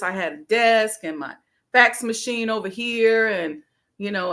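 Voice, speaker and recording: A middle-aged woman hosting her own channel, telling a personal story in a casual, animated way and acting out her own inner voice. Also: medium pitch. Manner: casual, conversational with frequent fillers. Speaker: host, life coach. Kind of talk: storytelling monologue.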